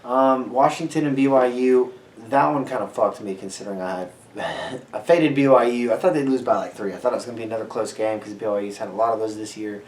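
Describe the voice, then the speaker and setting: A young man co-hosting a sports podcast, ranting loudly with plenty of swearing. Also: mid-range voice, quick pace, reverberant. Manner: brash, ranting, heavy swearing. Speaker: podcast co-host. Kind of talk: profane sports podcast banter.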